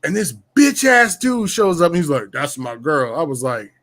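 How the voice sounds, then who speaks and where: A man telling a rowdy personal story in casual chat, boastful and profane, full of slang and animated bragging. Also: high voice, moderate pace. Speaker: podcast guest telling a story.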